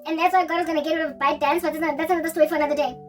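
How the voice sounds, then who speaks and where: Very high-voiced woman rambling. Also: racing, far from the mic, soft background music. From South Africa. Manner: rambling, animated, breaks into snatches of song. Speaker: Christian vlogger. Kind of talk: rambling casual chat.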